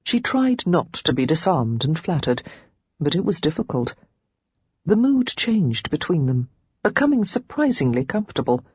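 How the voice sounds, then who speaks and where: A woman reading a romance novel aloud as an audiobook narrator, giving each character a pitch and tone of their own. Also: sing-song, moderate pace, darkish tone, husky, no echo.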